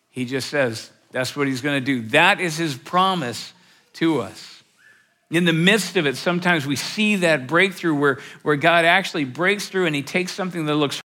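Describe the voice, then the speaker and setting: High, bright-voiced male preacher. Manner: conversational, addresses congregation as "you guys"; repetitive restarts, rhetorical questions. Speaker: pastor. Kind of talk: sermon.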